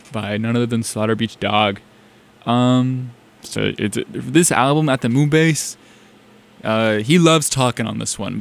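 In relaxed music radio banter, a young South Carolina host talks excitedly and at length about the songs he's just played. He speaks at a medium pitch.

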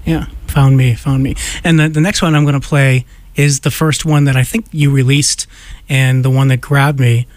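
A man hosting a radio show in a studio, easygoing, leading with gentle prompts. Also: mid-range voice, little pitch movement, moderate pace, no room sound. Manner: easygoing, with short murmured replies and gentle prompts. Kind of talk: radio interview.

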